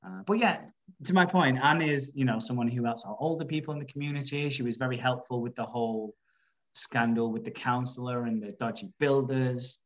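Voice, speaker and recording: A man's voice: medium pitch, a little fast. Man, podcast host, casual chat, laughs often, slightly muffled sound. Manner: chatty, laughs often, frequent fillers.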